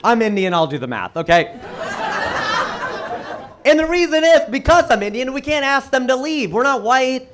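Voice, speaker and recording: A man performing a stand-up comedy set, with animated punchline delivery and acted-out quoted voices. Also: extremely high pitch, moderate pace, pauses often, very noisy. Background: audience laughter.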